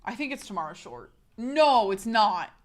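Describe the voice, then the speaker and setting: A woman's voice: mid-range voice, big pitch swings, normal speed. A woman streamer, sick, talking frankly and casually straight to her live chat.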